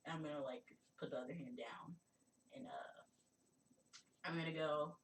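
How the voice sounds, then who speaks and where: A woman's voice: deep voice, normal speed, long pauses. A woman playing in a tabletop game, hesitant and giggly as she describes her moves. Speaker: player. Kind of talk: casual play talk. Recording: echoey room, far from mic, faint noise.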